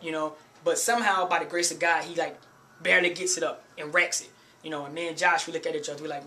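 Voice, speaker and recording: A man's voice: on the high side, fairly even intonation, fast, bright, forceful tone, slight background noise. A man vlogging in a loose, chatty way, telling a gym story and warning beginners to use a spotter. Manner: loose and chatty, keeps saying "you know" and "man". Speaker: fitness vlogger. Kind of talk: casual storytelling to camera.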